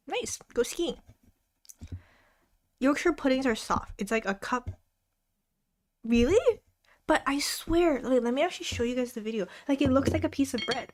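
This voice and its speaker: A young woman hosting a live study stream, chatting casually with viewers, reading their comments aloud and laughing often. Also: on the high side. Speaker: livestream host. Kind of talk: casual chat with a live audience. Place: home desk during a study stream.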